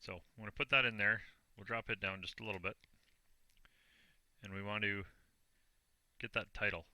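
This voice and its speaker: A low-voiced Canadian man narrates a screen-recorded tutorial step by step, plainly and with a self-deprecating streak. His tone is bright and forceful, and the recording is dry and close with no room sound. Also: steady tone, normal speed, no room sound. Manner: plain, self-deprecating, talks through each click. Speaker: online business vlogger.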